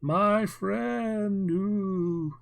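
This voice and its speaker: A man voicing a dramatic male spirit who delivers a prophecy in a drawn-out, moaning way. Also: high voice, gravelly, dry recording, pitched above the performer's own voice, heavily acted. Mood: ghostly, solemn. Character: spectral wailing male spirit messenger, dramatic.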